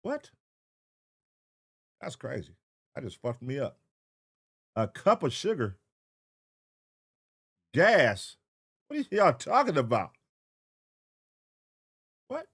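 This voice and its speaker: A man hosting a casual livestream reaction show, talking with profanity and calling out viewer names in an animated roll call. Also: mid-range voice, slow, long pauses, breathy edge. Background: hip hop music.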